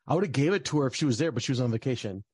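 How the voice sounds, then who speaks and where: A man's voice: mid-range voice, animated, very fast, a little mellow, slightly rough, no echo. A young man telling a personal story in casual talk, rambling with lots of fillers and restarts.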